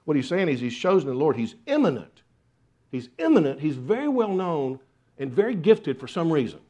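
A man's voice: fairly high pitch, sing-song, brisk, warm tone. A man preaching a sermon, earnest, with repeated rhetorical questions. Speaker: pastor.

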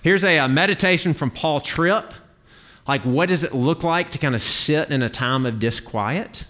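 A man's voice: on the high side, moderate pace, a bit bright. A man teaching a Bible class to a group in a classroom, talking casually with filler words and restarts.

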